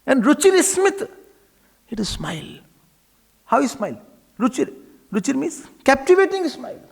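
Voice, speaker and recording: A man speaks as a swami giving a devotional talk. His voice sits high for a man and swings widely in pitch. A gravelly fry runs through it, and he acts out little dialogues, sometimes sinking to a whisper. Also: big pitch swings, normal speed. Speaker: swami, spiritual teacher. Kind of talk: devotional discourse.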